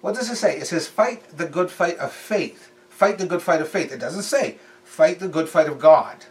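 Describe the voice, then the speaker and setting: A man's voice: a little high, animated, moderate pace, recorded from a distance. A man preaching in a casual, conversational way, repeating phrases for emphasis. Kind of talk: sermon.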